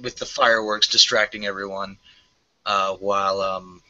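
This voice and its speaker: A man co-hosting a casual review chat, hesitant and full of pauses, heard over a muffled online call. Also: lowish voice, flat delivery, sharp tone. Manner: hesitant, with many "uh" and "um" and restarts. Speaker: show co-host.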